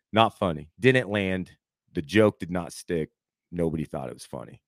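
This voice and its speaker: Guy in his 30s, podcast co-host, telling a wild story, kinda low voice, dry close mic, keeps saying dude. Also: measured pace, no room sound. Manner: animated storyteller acting out quotes, says "dude" a lot. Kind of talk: casual storytelling chat.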